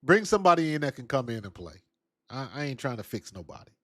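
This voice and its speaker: A man hosts a relaxed football talk stream, speaking conversationally and reacting to viewers' comments as they come in. His voice sits at a middle pitch and sounds close and dry, with almost no room around it. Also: fast talker, no echo. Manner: laid-back, conversational, reads and answers chat. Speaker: sports talk show host. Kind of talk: casual live-stream chat.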